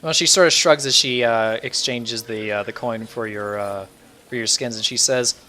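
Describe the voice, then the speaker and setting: A man's voice: mid-range voice, moderate pace, sharp tone. Rambling male dungeon master. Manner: loose, rambling narration with many fillers. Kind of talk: narrating a tabletop game.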